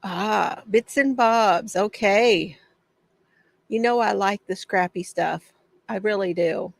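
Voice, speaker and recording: A woman's voice: mid-range voice, slow pace, creaky, dry recording. A woman hosting a casual craft livestream from her home shed, greeting viewers by name, chatty and often laughing.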